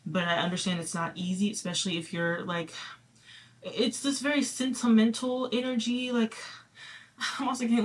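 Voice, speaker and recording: A woman's voice: on the high side, normal speed, slight background noise. A woman giving a casual spoken card reading to her viewers, chatty and reassuring, full of fillers and small laughs. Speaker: tarot reader.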